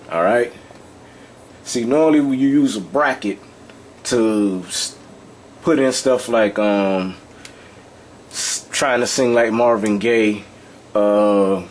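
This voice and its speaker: A man's voice: fairly low pitch, darkish tone, slight background noise. A man teaching an informal lesson, talking loosely and repeating himself while often checking that the listener follows. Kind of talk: casual explanatory lesson.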